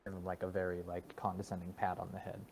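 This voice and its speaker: Man, tabletop player, low gravelly voice, dry and teasing. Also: completely flat delivery, fast talker, a little mellow, slight background noise. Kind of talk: casual tabletop role-play.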